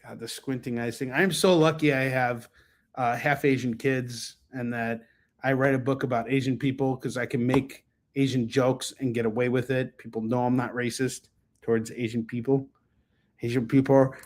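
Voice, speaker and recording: An American man at a mid-range pitch hosts a live comic book sales show. He rambles in casual patter, jokes around, and fills pauses with ums. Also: steady tone. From United States. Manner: rambling, joking, lots of ums and asides. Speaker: host and comic book seller.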